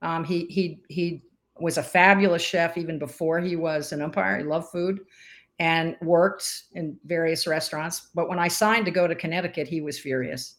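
A woman in her sixties, a podcast guest, telling stories in a lively interview chat and acting out what others said. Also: on the low side, moderate pace. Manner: animated storyteller who acts out quoted voices.

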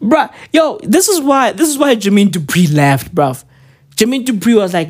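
A woman's voice: mid-range voice, lively intonation, normal speed, darkish tone. Profane rambling woman, comedic rant. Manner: profane, rambling, street slang. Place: at home, with spouse nearby.

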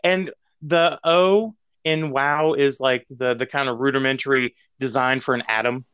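A man's voice: mid-range voice, fairly even intonation, a little slow, fairly bright tone, smooth, no room sound. A man telling stories at length on a podcast, with many fillers and restarts. His mic sounds muffled and lo-fi, and the recording is dry and close. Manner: rambling, full of fillers, laughs. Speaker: podcast co-host. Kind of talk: casual chat.

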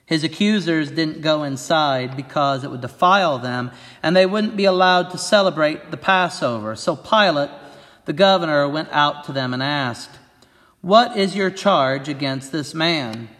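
Earnest male pastor reading scripture and preaching, slightly high voice, echoey church. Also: moderate pace, a bit bright.

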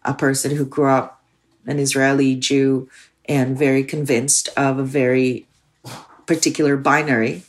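Woman filmmaker, low voice, casual storyteller with lots of "like.". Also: level tone, measured pace. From Soviet Union. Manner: candid, frequent "like" fillers. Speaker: filmmaker guest. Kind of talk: personal storytelling.

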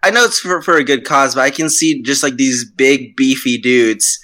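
A man co-hosting a podcast in casual chat, excitable and teasing, swearing freely. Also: medium pitch, moderate pace. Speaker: podcast co-host.

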